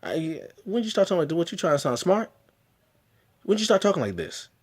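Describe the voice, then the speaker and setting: A man's voice: a little high, sing-song, quick pace, voice pushed up. A man mimicking a scornful woman teacher. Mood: mocking. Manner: mocking, incredulous questioning. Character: scornful female high school science teacher.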